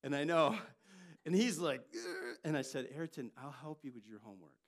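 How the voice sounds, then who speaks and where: An older man, a pastor, preaching a sermon and telling family stories with lively jumps in loudness. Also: on the high side, moderate pace. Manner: storytelling, animated delivery with jumps in loudness.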